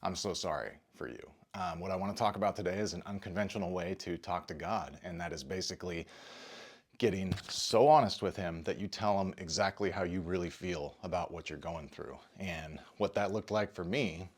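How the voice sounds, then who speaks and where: Earnest low-voiced man sharing a hard story. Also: husky. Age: adult parent. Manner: earnest, confessional, halting with restarts. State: emotional, short of breath. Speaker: video creator and podcaster. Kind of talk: personal testimony to camera.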